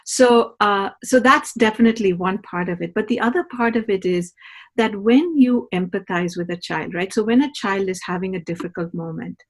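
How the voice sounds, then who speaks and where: A woman's voice: medium pitch, normal speed. A middle-aged woman, a parenting educator, explaining patiently in a podcast conversation and often checking in with "right?". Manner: patient teaching tone, often ends points with a questioning "right?".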